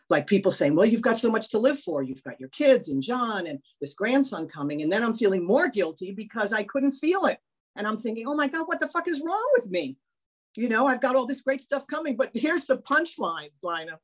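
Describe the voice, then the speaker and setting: An older woman sharing a personal story on a video call. She talks in a candid, animated, self-mocking way and swears now and then. She speaks at a middle pitch. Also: husky. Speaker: workshop participant.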